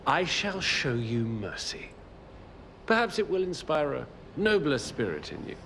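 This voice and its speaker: A man's voice: on the high side, huge pitch swings, a little slow, vocal fry, fairly bright tone, slight background noise, heavily acted. An actor playing a proud, aggrieved male monster hunter who speaks with formal, haughty gravity in a video game. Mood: wounded pride. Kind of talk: video game character dialogue.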